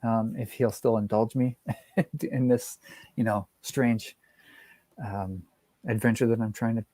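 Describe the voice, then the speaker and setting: A man's voice: mid-range voice, steady tone, unhurried, dark tone, dry recording. A man in casual chat as a guest, rambling with frequent laughs and restarts, over a video call. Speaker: guest comic art collector.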